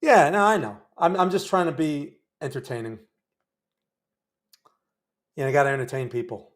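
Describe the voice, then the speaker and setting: A man's voice: a little high, lively intonation, moderate pace. A man hosting a live day trading stream, chatting wryly with viewers about the trades he is making. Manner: chatty, wry, talks to viewers while trading. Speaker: day trading livestream host.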